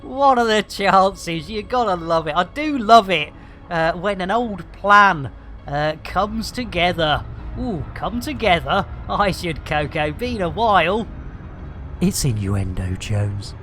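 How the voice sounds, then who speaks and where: Faint game music plays under a man's space-game livestream as he casually chats with viewers and gives chat shout-outs. His voice is high-pitched, expressive, pushed and bright, and he talks slowly, cheeky and playful with lots of hammy exclamations.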